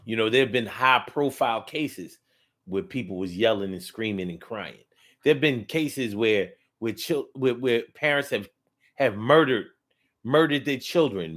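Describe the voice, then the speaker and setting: A man giving a casual, animated comedic monologue in heavy slang. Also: mid-range voice. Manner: animated, slangy, repetitive storytelling. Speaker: comedic commentator.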